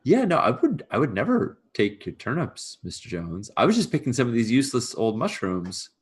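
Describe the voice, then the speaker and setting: A man's voice: medium pitch, wildly swooping pitch, fairly quick, voice pushed up. A man voicing a nervous young female servant who stammers and pleads. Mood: flustered.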